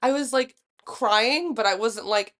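A young woman co-hosting a podcast, telling a story in a casual, profane, animated way and acting out the quotes. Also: a little high, a little slow. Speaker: podcast co-host. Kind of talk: casual chat.

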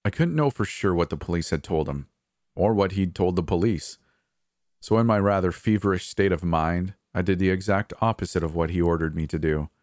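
A man's voice: sits low, brisk, a little mellow, no echo, clean studio sound. A man narrating a first-person horror story in an anxious, hesitant manner.

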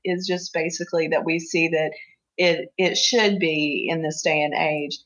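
Earnest woman, low voice, halting. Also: steady tone, fairly bright tone, poor audio. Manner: earnest, halting, many fillers and restarts. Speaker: interview guest, family caregiver. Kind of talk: emotional personal conversation.

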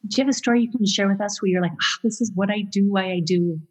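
Woman hosting a podcast, breathy, asks questions, lots of mm-hmms. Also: medium pitch, fast, a little mellow, long reverb tail. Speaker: podcast host. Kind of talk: interview hosting.

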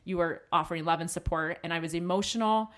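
Middle-aged woman, lowish voice, chatting openly, tells stories and quotes her husband. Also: fast. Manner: candid storytelling, quoting her husband. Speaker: podcast co-host. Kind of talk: casual chat.

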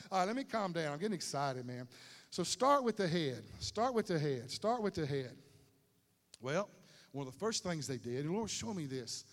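A man preaching a sermon in a lively, conversational way with slang asides, in a large stadium. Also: high-pitched, fairly quick. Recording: long hall reverb.

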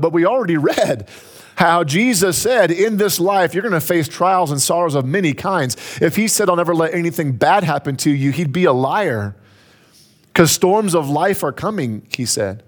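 A man's voice: fairly high pitch, expressive, moderate pace. A man preaching a sermon, emphatic and building to raised peaks, repeating key phrases for effect. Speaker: pastor.

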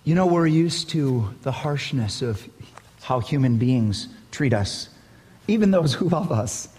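A man's voice: medium pitch, measured pace, husky. An older man preaching a sermon as pastor, telling stories with emphatic bursts. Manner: animated storytelling, emphatic bursts. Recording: long hall reverb.

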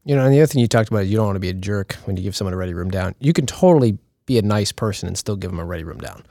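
A man's voice: lowish voice, lively intonation, very fast, warm tone, dry recording, clean studio sound. A man who is a senior instructor pilot, giving earnest advice to colleagues in a casual roundtable chat. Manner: earnest, advising.

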